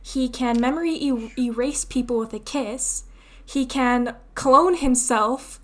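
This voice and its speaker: A woman's voice: a little high, takes it slowly, fairly bright tone. A young adult woman co-hosting a podcast, rambling in casual chat with many fillers and laughs. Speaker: podcast co-host.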